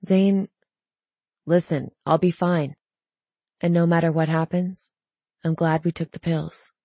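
A woman reading the part of an anxious, caring teenage girl who speaks softly. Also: on the low side, fairly even intonation, slow pace, dry recording. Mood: worried.

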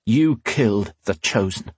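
A man voicing a cold, menacing man who speaks deadly quiet with seething hate. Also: on the low side, expressive, a little slow, slightly rough, no echo. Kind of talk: audiobook character voice.

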